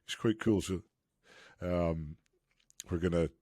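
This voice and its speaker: A man with a very low voice co-hosts a podcast, chatting casually and rambling with plenty of laughs. The sound is dry and close, with little room in it. His talk stays loose and jokey. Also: slow pace, dark tone, no room sound. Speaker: podcast co-host.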